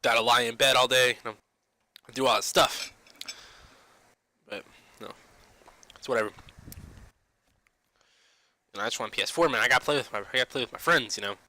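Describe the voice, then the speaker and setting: A young gaming vlogger rants casually about games in a sharp, mid-range voice, talking fairly quickly but pausing often. He fills nearly every phrase with "you know," restarts frequently and swears now and then, and the recording is rough.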